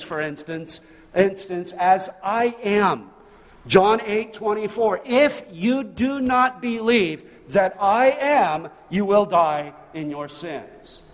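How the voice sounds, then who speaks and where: High-voiced slow preaching man. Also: big-room sound. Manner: emphatic, rhetorical questions. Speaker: pastor. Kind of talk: sermon. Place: church sanctuary.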